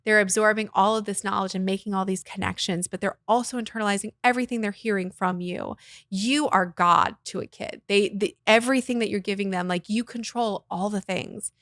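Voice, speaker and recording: A woman talks in a relaxed interview as a voice teacher and guest. Her delivery is animated and expressive, with easy laughter, and her voice sits at an ordinary middle pitch. The sound is dry and close. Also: fairly quick, no echo. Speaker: guest, voice teacher and arts nonprofit founder. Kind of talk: casual interview conversation.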